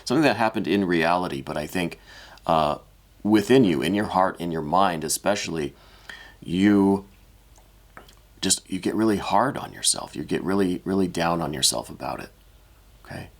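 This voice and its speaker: A man with a very low voice gives a weekly tarot reading. He talks gently and haltingly, restarting his sentences, and sounds moved and apologetic as he goes. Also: lively intonation, creaky. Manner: gentle, hesitant, with many restarts and fillers; emotional, apologetic. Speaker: tarot reader.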